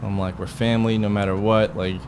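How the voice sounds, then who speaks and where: A man with a lowish, slightly mellow voice hosts a podcast, delivering flatly but briskly. He tells a heated personal story in a rambling, profane style full of quoted exchanges, over a faint hiss or hum.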